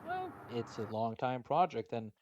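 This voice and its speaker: A man's voice: medium pitch, normal speed, a little mellow, slight background noise. A man from Norway hosting a casual chat, brash and joking, with plenty of swearing. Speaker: podcast host.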